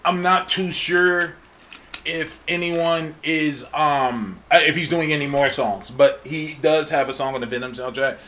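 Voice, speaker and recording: A man co-hosting a casual podcast, joking and laughing through quick banter. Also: on the high side, sharp tone. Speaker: co-host.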